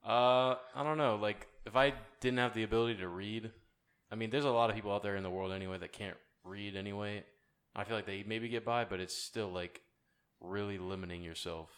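A man's voice: fairly low pitch, steady tone, a little fast, a bit bright. A man co-hosting a podcast, chatting casually and reading out a question to his friends. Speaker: podcast co-host. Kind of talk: casual chat.

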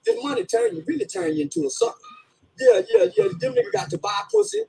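A man's voice: very high-pitched, animated, fast, creaky, warm tone, poor audio. A man ranting profanely and comically, laughing and half-crying through his words. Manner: rants, laughing as he talks. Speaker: commentator in a played clip.

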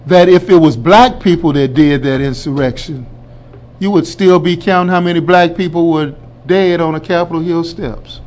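With a fairly high voice at a moderate pace, a man on the radio runs a political commentary monologue. It's colloquial and emphatic, aimed at "folks," and it builds up to loud declarations.

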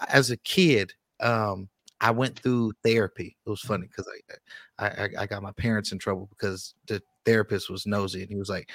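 A man's voice: on the low side, steady tone, a little fast, dry recording. A man as an interview guest on a radio show, telling a personal story in a candid, rambling way and repeating words when he gets worked up.

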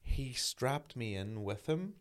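A man in his thirties, telling a sweary, animated anecdote in casual chat as a podcast co-host. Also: medium pitch, slow.

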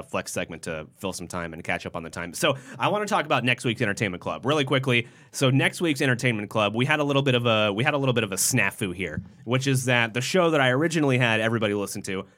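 A young man co-hosting a loose, casual podcast at a middle pitch. He reads quoted text aloud, breaks off for jokey asides and swears freely. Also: fairly bright tone. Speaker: podcast co-host.

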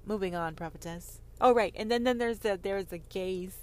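A woman giving a heated monologue on faith, sarcastic and profane, swinging from loud outbursts to whispers. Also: medium pitch, normal speed, hardly any pauses. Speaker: online Christian commentator.

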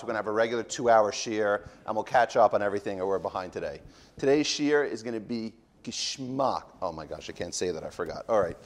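A man teaching a comedic parody of a daily Talmud class, rambling and breaking off into jokey asides and corrections of himself. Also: medium pitch. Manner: jokey, mock-serious.

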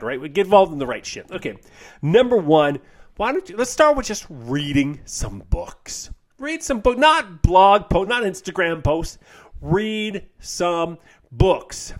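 A man who is a health coach, ranting on his podcast in a blunt, profane, mocking way. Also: on the high side. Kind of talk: casual podcast rant.

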